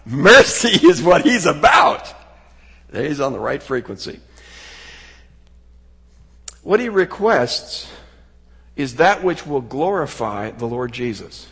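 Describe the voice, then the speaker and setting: Lively folksy preacher man, echoing hall. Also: medium pitch, husky. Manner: animated, folksy, acts out quotes with sudden shouts. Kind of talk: sermon. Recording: long hall reverb.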